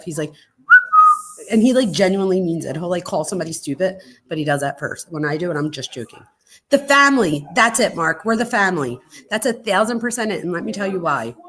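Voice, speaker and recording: A woman hosting a true crime livestream from home, chatting casually in an excitable way and saying "like" a lot. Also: fairly low pitch. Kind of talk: casual live-stream chat. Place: at home during a storm.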